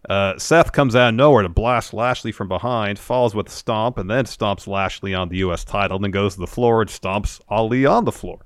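Deep voiced guy rambling through a wrestling recap, lots of restarts, dry close mic. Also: normal speed, hardly any pauses, no room sound. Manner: rambling play-by-play retelling with restarts. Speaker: podcast co-host. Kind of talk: casual wrestling recap chat.

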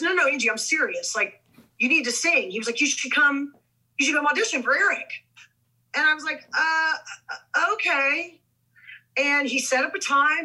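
A woman's voice: sits high, low-quality recording. A middle-aged woman, a guest on an interview podcast, chatting casually and acting out quoted dialogue in her stories. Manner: animated, acts out quoted dialogue. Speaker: guest actress. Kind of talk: casual storytelling.

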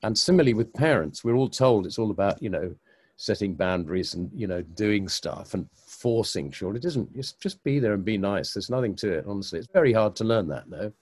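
A man's voice: fairly low pitch, animated, a little fast, a little mellow, slightly rough, no echo. An older man, a comedy producer, speaking as a guest in a casual podcast interview, telling anecdotes and jokes with a chuckle.

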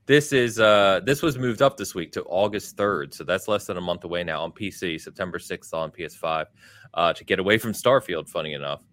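A man's voice: sits low, fairly quick, fairly bright tone, dry recording. A man hosting a casual gaming podcast, running through a list of release dates and viewer comments. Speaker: podcast host. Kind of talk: casual chat.

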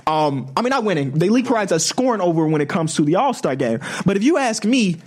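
A man's voice: high voice, fast. A man co-hosting a podcast, chatting casually about basketball and arguing his points at length. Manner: animated, argues his point in long runs. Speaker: podcast co-host.

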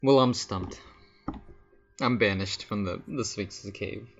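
Low, gravelly joking man. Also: slow pace, muffled recording, over music. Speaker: podcast co-host. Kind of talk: casual podcast chat.

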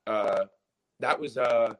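With a medium pitch and a slow pace, the former college baller, now in his twenties and guesting on a podcast, tells his story animatedly and casually, peppered with "like" and restarts.

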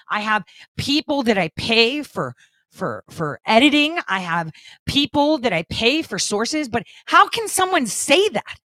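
A middle-aged woman hosts her own political commentary show, addressing viewers directly in a blunt, profane and emphatic monologue peppered with "right?" tags. Her low voice has a fairly bright tone and no echo.

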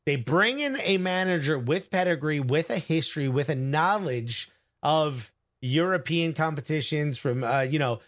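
A man co-hosting a casual sports talk show, joking and giving quick opinions. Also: fairly high pitch, expressive, a bit bright. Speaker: co-host.

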